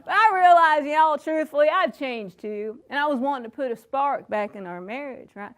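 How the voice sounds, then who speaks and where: High-voiced woman doing folksy stand-up. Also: lively intonation, moderate pace. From Florida. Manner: folksy, self-deprecating, laughing often. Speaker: stand-up comedian. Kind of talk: stand-up comedy routine. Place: stage before a live audience.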